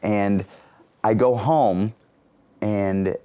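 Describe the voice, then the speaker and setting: A man in his thirties, a comedian guest, telling a funny story in an energetic, animated way. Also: lowish voice, very slow, clean tone, highs cut off. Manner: energetic, acts out characters.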